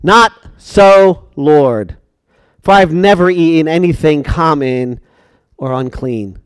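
A man's voice: fairly high pitch, takes it slowly, clear, resonant tone, dry recording. A man voicing an impetuous, stubborn apostle in a sermon, protesting insistently.

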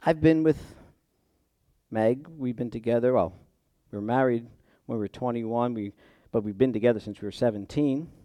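A middle-aged man preaching in a conversational way, rising to loud emphatic peaks and dropping to quiet asides. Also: medium pitch, moderate pace, no room sound. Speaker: pastor. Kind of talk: sermon.

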